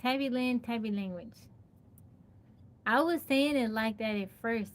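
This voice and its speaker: A woman's voice: a little high, measured pace, pauses often. A woman chatting casually on a live stream, thanking viewers by name and laughing as she sounds out a hard word over and over. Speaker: livestreamer.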